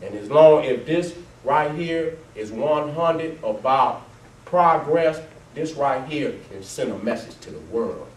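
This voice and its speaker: A man telling his life story to a live audience over photos, swearing heavily, laughing often and swinging between loud bursts and low, quiet stretches. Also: expressive, slow. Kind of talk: profane, animated storytelling talk to a live audience. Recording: roomy, distant mic, faint background noise.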